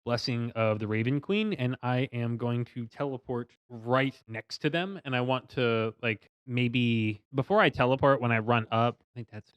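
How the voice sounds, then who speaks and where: A man playing a tabletop game who chats casually and thinks his moves through out loud. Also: mid-range voice, normal speed, hardly any pauses, clean tone, no room sound, dull audio. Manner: chatty, thinks aloud. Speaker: player.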